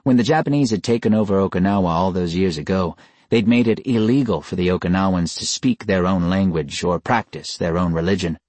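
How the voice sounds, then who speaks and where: A man reading a novel aloud in measured, scripted narration. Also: deep voice, darkish tone, no echo. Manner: measured storytelling. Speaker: audiobook narrator.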